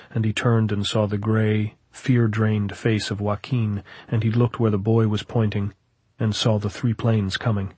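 Man reading fiction aloud, measured and even; low, husky tone. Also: dry recording. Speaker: audiobook narrator. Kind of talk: scripted narration.

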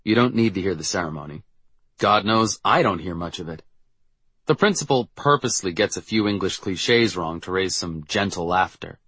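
A man's voice: low voice, expressive, moderate pace, a bit bright, husky, no echo. A man narrating a first-person audiobook in a wry, reflective storytelling manner.

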